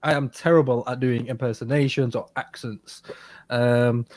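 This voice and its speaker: A man's voice: medium pitch, steady tone, normal speed, a little mellow. A man co-hosting a casual advice podcast in a studio, talking hesitantly with many fillers and frequent laughs. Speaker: podcast co-host.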